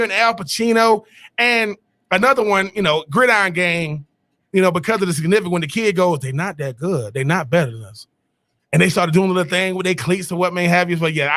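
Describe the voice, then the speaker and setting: A man with a high, bright voice co-hosts a sports talk show. He rambles through casual debate, restarting sentences and dropping slang as he goes. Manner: rambling, restarts often, Southern-tinged slang. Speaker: sports podcast co-host.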